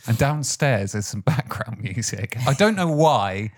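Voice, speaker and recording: A man's voice: mid-range voice, expressive, a little slow, few pauses. A young man hosting a casual podcast chat, laughing often and feeling a little under the weather. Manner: laughs often, loose and chatty. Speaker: podcast host.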